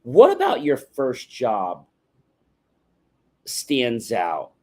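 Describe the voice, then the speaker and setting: A man's voice: mid-range voice, wildly swooping pitch, very slow, warm tone. Man teaching on a livestream. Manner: instructive, contrasts yes-no questions with open ones; rhetorical, often adds "right?". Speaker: livestream host. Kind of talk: motivational livestream talk. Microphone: livestream microphone.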